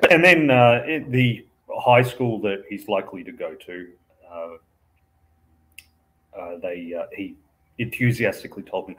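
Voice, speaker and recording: A man's voice: on the low side, measured pace, a bit bright. A man in casual chat, rambling with many fillers and chuckling as he talks.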